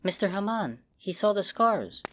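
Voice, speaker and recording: An eerie little boy speaks in a high, soft, infantile voice, as a man puts him on. Each line comes out quiet and flat, with an unsettling stillness. He sounds a little distant from the mic. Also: normal speed. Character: eerie, small, childlike boy.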